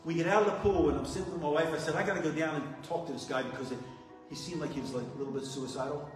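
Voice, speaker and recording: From far off in an echoey hall with music, a man with a fairly high, steady voice races through his story. He's a guest speaker at a recovery meeting, giving his testimony in a plain-spoken, earnest way.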